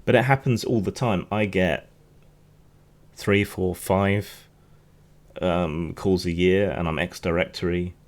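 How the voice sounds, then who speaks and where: A man with a notably deep voice hosts a news podcast. He talks in a loose, rambling way, often restarting his sentences and drifting into side remarks. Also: steady tone, slow pace, pauses often. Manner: rambling, chatty, frequent restarts and asides. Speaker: podcast host. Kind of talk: casual news commentary.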